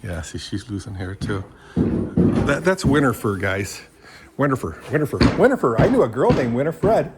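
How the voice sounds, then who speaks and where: Heavy background noise accompanies an older man from Michigan, USA, as he vlogs on a handheld phone, meandering with fillers while addressing his animals around the house and horse stalls. His mid-range voice swings widely in pitch at a measured pace.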